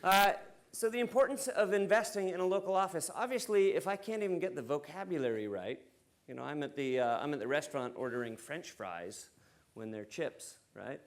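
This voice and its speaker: An American man speaking at a conference, relaxed and joking, with frequent fillers. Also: on the high side, a little fast. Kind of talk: conference keynote talk. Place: conference stage before an audience.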